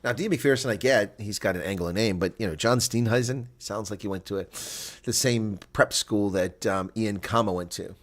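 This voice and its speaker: A man's voice: lowish voice, normal speed, hardly any pauses. A man hosting a casual live rugby watch-along, chatting loosely, laughing often and reading viewer comments aloud.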